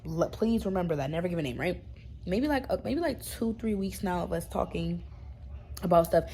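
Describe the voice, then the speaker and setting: A woman's voice: fairly low pitch, expressive, brisk, dark tone, slight background noise. A young woman in a casual storytime vlog, talking bluntly in slang and swearing freely. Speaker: YouTube storyteller.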